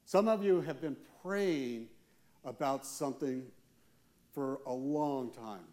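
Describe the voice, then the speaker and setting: A man's voice: mid-range voice, darkish tone. Earnest man preaching a sermon. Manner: earnest preaching with slow emphatic pauses. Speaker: church elder.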